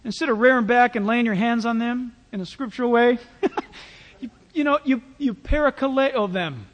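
A male pastor preaching a sermon in a church, in a conversational, animated way with playful asides. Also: very high voice, normal speed, in a large hall.

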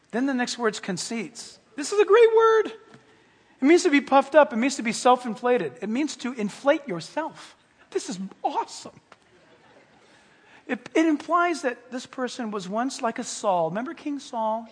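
Preacher, male, high and husky, lively delivery, mic'd in a big reverberant hall. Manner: animated, acts out little scenes and whispers for effect. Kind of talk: sermon.

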